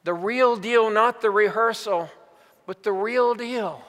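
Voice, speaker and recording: An older pastor delivers a sermon, unhurried and emphatic, leaning into his stories. His voice sits high and bright for a man. It rings through a large church with a long reverb.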